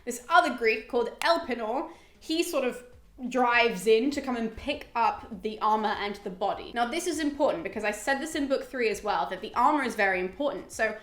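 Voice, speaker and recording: A woman host retelling a story in a chatty, animated way, with lots of "like" and the odd swear word. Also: fairly high pitch, brisk. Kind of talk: casual explainer. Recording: echoey room.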